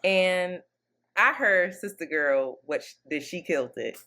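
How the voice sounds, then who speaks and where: A woman's voice: on the low side, animated, unhurried, sharp tone. A woman co-hosting a podcast in casual chat, talking in a slangy, playful, emphatic way. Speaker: podcast co-host.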